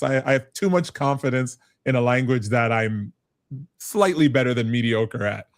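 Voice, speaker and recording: Middle-aged man from Canada, business advisor guest, mid-pitched voice, animated and self-mocking, chatty interview delivery. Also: moderate pace, dry recording. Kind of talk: conversational interview.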